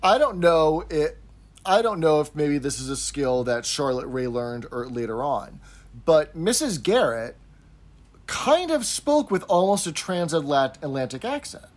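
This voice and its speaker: A man's voice: a little high, big pitch swings, measured pace. A man co-hosting a casual podcast chat, explaining things at length and quoting lines from an old show. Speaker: podcast co-host.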